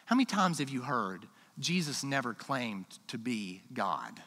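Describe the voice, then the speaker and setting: Animated, bright-voiced preacher in a reverberant hall. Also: male voice, medium pitch, measured pace. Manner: emphatic, swings from quiet asides to loud declarations. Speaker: pastor. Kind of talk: sermon. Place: church sanctuary.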